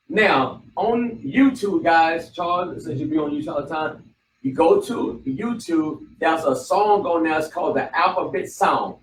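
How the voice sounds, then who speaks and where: A man's voice: fairly high pitch, a little hiss or hum. Man teaching in an echoey room. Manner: repetitive, prompting the class with questions. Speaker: bible study teacher. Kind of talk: classroom teaching. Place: study hall room. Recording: echoey room, mic far off, faint ambience.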